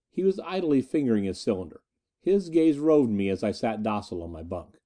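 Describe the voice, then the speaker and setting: Man reading a story, lively and mellow. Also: fairly low pitch, normal speed. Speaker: audiobook narrator. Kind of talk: first-person storybook narration.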